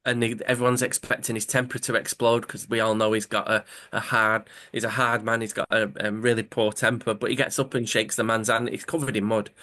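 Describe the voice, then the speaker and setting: A man's voice: lowish voice, level tone, brisk, few pauses, sharp tone. A man co-hosting a podcast, casually retelling a comic story with rambling self-corrections. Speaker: podcast co-host.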